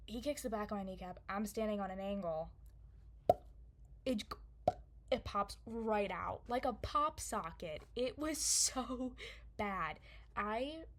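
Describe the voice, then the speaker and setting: A young woman telling a story casually to camera, rambling, laughing often and full of fillers. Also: medium pitch. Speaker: vlogger.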